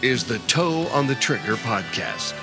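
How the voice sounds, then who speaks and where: A man's voice: medium pitch, sing-song, measured pace. A man delivering a dramatic trailer-style voice-over for a podcast intro. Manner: dramatic, announcing. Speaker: show announcer. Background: guitar music.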